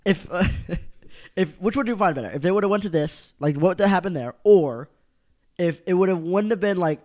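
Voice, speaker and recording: A young man co-hosting a casual wrestling podcast, loud and animated, laughing often and bickering. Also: sits high, fairly quick. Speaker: podcast co-host.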